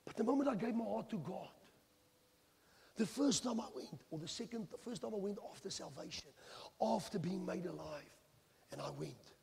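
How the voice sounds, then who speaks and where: High, gravelly South African preacher. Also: male voice. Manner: impassioned, swings from hushed to shouting; mixes Afrikaans phrases into English. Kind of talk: sermon. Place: large church hall. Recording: church hall with long reverb.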